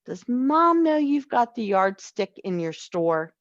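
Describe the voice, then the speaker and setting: Woman reading as mumbling big brother, slow, lo-fi sound. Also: on the high side, big pitch swings, dry recording. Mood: grumbling. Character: grumbling older brother, boy.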